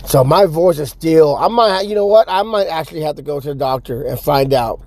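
A young man with a gravelly, dry-throated voice hosting a podcast from his car, rambling and profane and laughing at his own jokes. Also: a little high, a little fast, darkish tone, no echo. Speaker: podcast host. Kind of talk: casual solo podcast rant.

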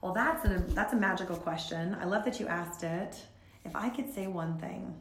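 A woman's voice: on the low side, normal speed, slight background noise. Woman podcast guest, 30s, earnest and chatty storyteller, recorded in an echoey room. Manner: earnest, rambling, animated storyteller. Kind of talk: faith-based podcast conversation.

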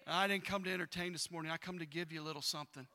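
A pastor preaches a sermon in a bright, forceful voice that sits a bit high for a man, racing along with fairly even intonation. He alternates loud, pressing bursts with hushed asides while reading scripture and speaking casually to his congregation, using slang and repetition.

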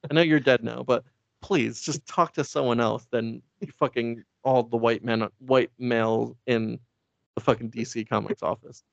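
A man with a gravelly, creaky voice rambles through a comic retelling, swearing freely and laughing as he goes. His pitch sits in an everyday middle range. The sound is dry and a little dull, like a lo-fi recording. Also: fairly even intonation, moderate pace, no room sound. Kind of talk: casual comedic retelling.

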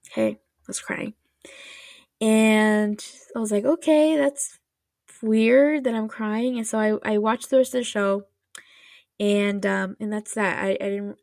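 A woman hosting a podcast, rambling through an animated, casual retelling full of fillers and restarts. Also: medium pitch, vocal fry, dry recording, clean studio sound. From United States. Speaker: podcast host. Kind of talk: casual chat.

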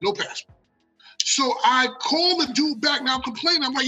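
An American man telling a long story in casual talk. He is animated and profane, and he acts out the quotes. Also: very high-pitched, moderate pace, slightly rough, faint music behind, poor audio. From United States. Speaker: guest storyteller.

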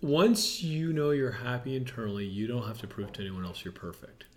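A man's voice: medium pitch, fairly quick. A man hosts an interview podcast, speaking in a frank, casual way. He often checks in with his guest as he talks. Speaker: podcast host. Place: dining room.

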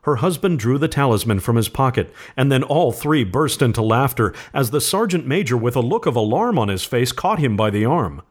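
A man narrating a spooky storybook tale, steady and measured. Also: medium pitch, husky. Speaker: podcast host. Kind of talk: storybook reading.

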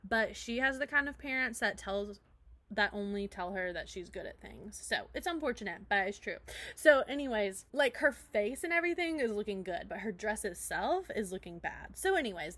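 A woman's voice: on the high side, sharp tone. A young woman co-hosting, telling an improvised comic story in a giggly, rambling way with many "so anyways". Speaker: co-host.

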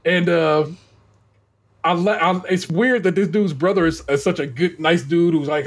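A man on a podcast telling a long, animated story in casual chat, swearing freely and tripping over repeated words. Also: on the high side, normal speed, husky. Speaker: podcast co-host.

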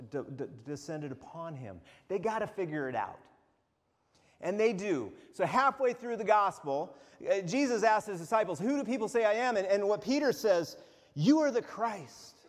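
A man preaches to his congregation, his slightly high voice rising and falling with great animation. He often restarts and repeats words as he pushes through his points. The sound carries a long reverb from a large church hall. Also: a little mellow. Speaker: pastor. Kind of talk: sermon.

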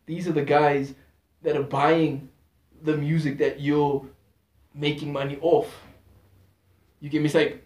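A man's voice: on the high side, flat delivery, a little slow, pauses often, a little mellow. Talkative man in an echoey room. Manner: talkative, slangy, restarts often. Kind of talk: casual chat.

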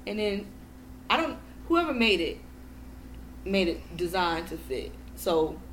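A podcast co-host, a woman with a mid-range voice, chats casually at a slow pace while being very animated. She tells stories, swears a lot, and laughs often, recorded in an echoey room with faint noise.

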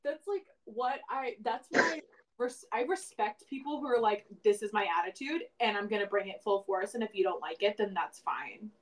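A woman's voice: medium pitch, expressive, normal speed, low-quality recording. A woman co-hosting a podcast in casual chat, rambling and reflective, with many "like" fillers. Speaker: podcast co-host.

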